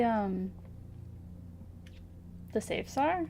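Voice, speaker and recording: A woman streamer casually thinking aloud over a puzzle game, hesitant and giggly, with soft music behind. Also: mid-range voice, animated, a little slow. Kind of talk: casual gameplay commentary. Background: soft background music.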